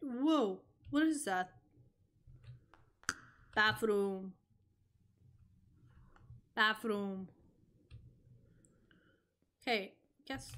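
A young woman streaming a horror game, reacting out loud, swearing and talking to the game as she plays. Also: medium pitch, animated, extremely slow, long pauses. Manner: jumpy, swearing, talks to the game. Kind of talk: live gameplay reaction.

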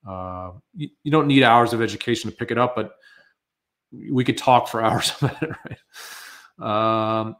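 A man's voice: on the low side, normal speed, a bit bright. An American man presenting a live webinar, talking loosely and conversationally with many fillers as he answers viewer questions.

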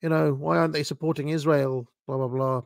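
A man's voice: on the high side, steady tone, a little fast, creaky, dry recording, clean studio sound. A man mimicking a whiny, indignant American woman in a squawky voice.

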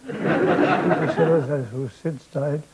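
An older man telling comic stories on stage in a rambling, deadpan way, with an audience laughing. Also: fairly high pitch, drawn-out words, husky, low-quality recording. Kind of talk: stage storytelling.

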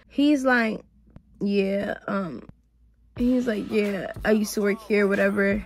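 A young woman vlogger chatting while getting ready, telling a story in an animated, sassy way full of slang. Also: mid-range voice, measured pace, dry recording.

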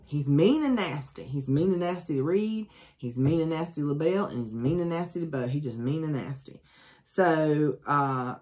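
A woman with a low voice retelling a book's plot to her viewers. She talks in a loose, chatty way with plenty of ums and uhs. She drops dry, sarcastic jokes as she goes. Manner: chatty, lots of ums and asides; sarcastic, joking. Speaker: book reviewer. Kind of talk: casual spoken book summary.

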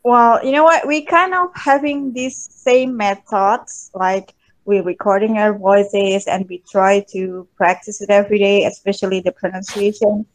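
A woman's voice: medium pitch, fairly even intonation, unhurried. A woman with a mixed American and British accent, an English learner asking questions while searching for words. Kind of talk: conversational questions.

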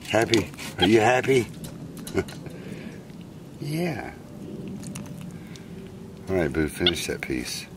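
A man with a very low, deep voice talks fondly to his pet monkeys. His manner is coaxing and doting. He is recorded outdoors, with clear noise in the background. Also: big pitch swings, slow, long pauses. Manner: doting, coaxing, talks to the animals, chuckles often. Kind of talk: casual narration to camera. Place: outdoors at a picnic.

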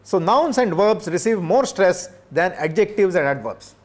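A middle-aged man lectures a workshop with a noticeably high-pitched voice. His delivery is measured and broken up with "uh" fillers. He keeps checking in with his listeners through quick tag questions. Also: animated. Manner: measured, checks in with "right?" and "okay?"; frequent hesitation fillers. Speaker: professor.

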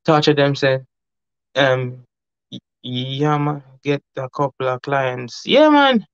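Man, livestream host reading chat, mid-pitched, loose and laughing, dull lo-fi stream audio. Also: level tone, takes it slowly, fairly bright tone, clear, resonant tone, dry recording. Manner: chatty, laughs often, rambling asides.

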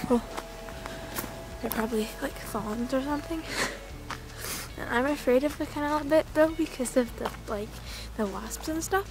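High-voiced young woman vlogging on a walk. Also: moderate pace. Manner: chatty and giggly, drops to quiet murmurs. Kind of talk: casual walking vlog. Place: outdoors along a canal. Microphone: handheld broken phone camera. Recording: loud noisy lo-fi phone recording.

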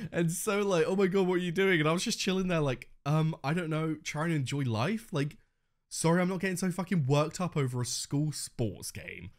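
Animated young man reacting, swearing freely. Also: on the high side. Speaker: reaction video host. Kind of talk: casual reaction commentary.

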